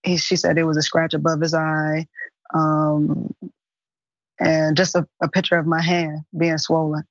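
A woman answering interview questions hesitantly, with many pauses and ums. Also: deep voice, flat delivery, no echo, highs cut off. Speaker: interview guest.

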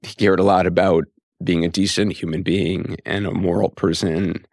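A man in his fifties with a deep, gravelly voice talks softly and thoughtfully as a podcast host. He pauses often, picking his words with care. The sound is dry and close to the mic. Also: little pitch movement, no echo. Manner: soft-spoken, thoughtful, halting with fillers. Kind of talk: reflective podcast conversation and narration.

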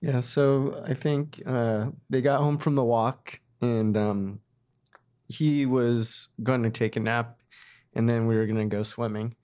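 Dad with a smooth clear voice, calm and reflective, lots of ums. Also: male voice, medium pitch. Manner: measured, reflective, with fillers. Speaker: father guest. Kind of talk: personal storytelling.

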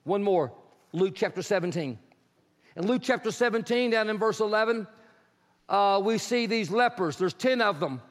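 A man delivers a sermon in a very high voice, telling the stories with lively energy and acting out the people in them. At points he rises into shouting. His voice rings with a long reverb, as if in a large hall. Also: moderate pace. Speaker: preacher.

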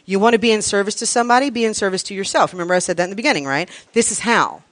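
A woman's voice: mid-range voice, very fast, fairly bright tone, no echo. Woman, class teacher, blunt and foul-mouthed, emphatic, dry close sound. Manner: brash, profane, frank; emphatic, repeats lists for effect. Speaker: workshop teacher. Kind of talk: live class talk to an audience.

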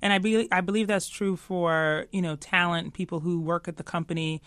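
A woman's voice: on the low side, fairly even intonation, fairly quick, no echo. A woman being interviewed, talking animatedly and laughing easily, peppering her talk with "you know". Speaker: guest, tech executive. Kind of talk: casual interview chat.

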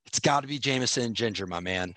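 A man's voice: on the low side, animated, quick pace, bright, forceful tone, no echo. A man co-hosting a podcast with jokey, playful banter in a casual chat. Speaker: podcast co-host.

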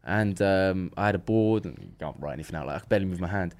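Low-voiced and talking fast, this podcast guest spins a story in casual conversation. Animated throughout, he acts out the exchanges and repeatedly restarts his lines.

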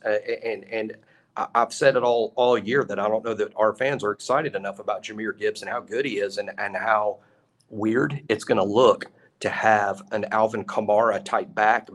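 A man co-hosting a sports talk show, giving casual analysis. His voice sits a little low, and he talks earnestly, hammering the same point home more than once. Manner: earnest, emphatic, repeats points.

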